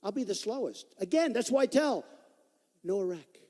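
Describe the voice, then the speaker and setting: A man's voice: high-pitched, lively intonation, moderate pace, a little mellow. A man in his sixties giving a campaign rally speech in a large performing arts hall. He talks in a repetitive, boastful, conversational way. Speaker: political candidate at a rally. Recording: long hall reverb.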